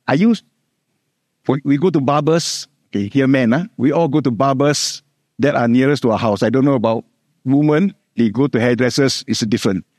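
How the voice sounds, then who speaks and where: A middle-aged man with a Singaporean English accent, preaching a sermon, repeating key words and slowing down to stress scripture. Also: mid-range voice, darkish tone, no room sound, studio quality.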